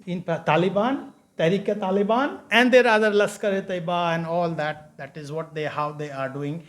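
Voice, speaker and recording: A man giving an academic conference lecture, emphatic and halting, with frequent restarts. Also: high voice. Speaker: conference speaker.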